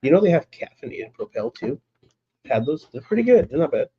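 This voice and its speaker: A man's voice: fairly high pitch, sing-song, a little fast, slightly rough, lo-fi sound. A man hosting a casual live stream, chatting in a laid-back way, greeting viewers by name and laughing often.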